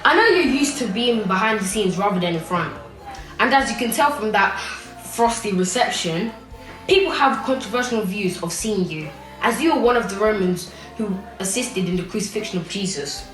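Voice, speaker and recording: A woman's voice: medium pitch, expressive, moderate pace, a bit bright, far from the mic, natural voice. Casting: a woman as an upbeat talk show host, echoey hall, faint music underneath. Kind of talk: stage play dialogue.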